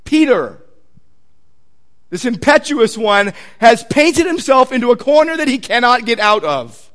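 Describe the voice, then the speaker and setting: A pastor from Southern California with a Southern Californian accent, preaching a sermon in a conversational, animated way, acting out quotes with sudden loud outbursts. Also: male voice, very high-pitched, unhurried. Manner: conversational, repeats words while searching for them.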